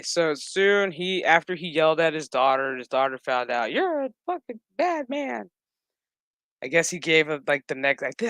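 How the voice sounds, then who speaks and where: A man's voice: a little high, no room sound. A man casually recapping a TV episode, swearing a lot, ranting and acting out the characters' lines. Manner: animated, swearing, acts out dialogue; exasperated rant. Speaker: show recap host.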